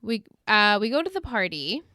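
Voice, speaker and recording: A woman's voice: mid-range voice, very animated, moderate pace, pushed and bright, no room sound, clean studio sound. A woman co-hosting a podcast, retelling episode scenes in casual chat, laughing often and acting out the characters' lines. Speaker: podcast co-host.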